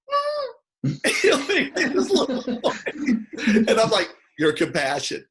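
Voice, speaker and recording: Guy hosting a chat, lively, keeps doing little voices for people in his stories. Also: a little high. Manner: animated storyteller, acts out quoted voices. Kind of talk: casual chat.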